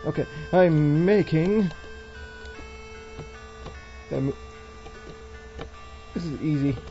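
Slow, giggly young woman playing a game. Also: low-pitched, warm tone. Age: young adult. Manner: giggly, chatty, reads on-screen text aloud. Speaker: let's play gamer. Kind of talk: casual game commentary. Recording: dull lo-fi recording with faint game music.

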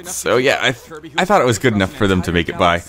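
A man giving rambling casual commentary on his own video, clearing his throat with a cold. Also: lowish voice, big pitch swings, fast talker, fairly bright tone. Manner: rambling, frequent fillers and restarts. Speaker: creator giving episode commentary.

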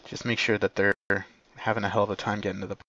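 A man commanding his team in an online game, giving brisk, polite tactical callouts and quick corrections. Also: on the low side, flat delivery, sharp tone, no room sound. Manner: brisk, polite, slightly apologetic. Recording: dull lo-fi mic capture.

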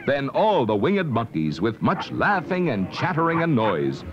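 Man, storybook narration, lively varied pitch, dramatic reading, dull old record, audible hiss. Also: unhurried.

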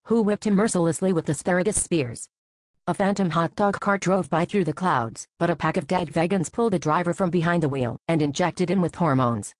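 A woman narrating a satirical fairy tale in a deadpan scripted style. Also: fairly low pitch, no room sound, poor audio. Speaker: storyteller.

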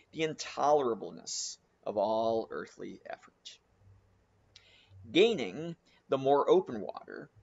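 Male audiobook narrator, dramatic and animated, lively pitch, muffled lo-fi recording. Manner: expressive, dramatic reading with slowed, savoured phrasing.

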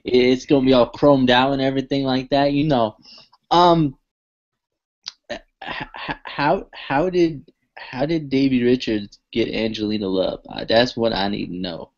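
Male podcast co-host, casual rambling delivery, mid-pitched, slightly muffled audio. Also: fairly even intonation, unhurried. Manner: rambling, chatty, lots of fillers and restarts.

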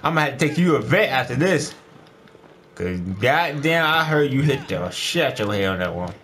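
A gaming streamer with a medium-pitched voice gives let's play commentary at a moderate pace. He's animated, exclaiming often and talking to the characters on screen.

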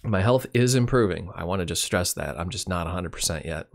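A man's voice: deep voice, expressive, fairly quick, vocal fry. A middle-aged man and grandfather telling a rambling, wry personal story in a casual vlog, sounding winded and tired. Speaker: channel host. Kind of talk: casual personal year-in-review.

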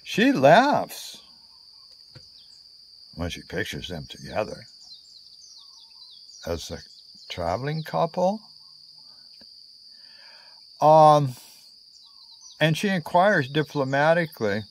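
A male storyteller spinning a long travel yarn at an unhurried pace. His pitch swings lively up and down as he rambles through fillers and side remarks. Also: a little hiss or hum. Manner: meandering, full of fillers and asides. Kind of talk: casual spoken storytelling.

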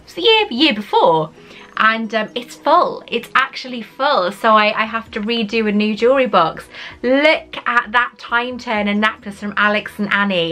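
A woman's voice: mid-range voice, bright, forceful tone. A woman vlogger unboxing gifts in casual chat, gushing and emotional, often exclaiming with delight.

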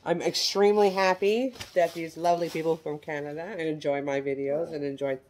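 A woman's voice: deep voice, steady tone, a little fast, a little mellow, slight background noise. A middle-aged woman from the United States chatting casually as she shows handbags for sale, folksy and self-deprecating. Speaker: online reseller showing handbags. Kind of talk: casual product show-and-tell.

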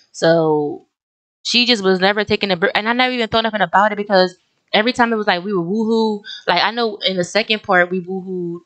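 A young woman hosting a life-sim let's play, talking casually and excitedly straight to her viewers, often breaking into exclamations. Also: medium pitch. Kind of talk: casual gameplay commentary.

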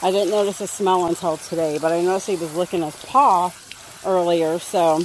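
A woman's voice: on the low side, fairly even intonation, moderate pace, a little hiss or hum. A woman chatting casually to her viewers while bathing her dog outdoors, coaxing him in a sing-song voice. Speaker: dog owner vlogger. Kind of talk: casual vlog narration. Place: outdoors by a pool.

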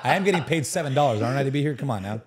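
A man's voice: medium pitch, lively intonation, very fast, crowd noise. A man from Tunisia, a podcast guest in casual chat, joking and rambling in slang.

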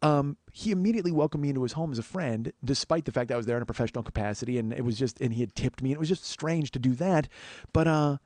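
Talking at a racing clip in a darkish voice with no echo, a podcast host shares a personal story directly and earnestly with his audience. The storytelling monologue is heavy on swearing and confessional in tone, with quoted voices performed higher.

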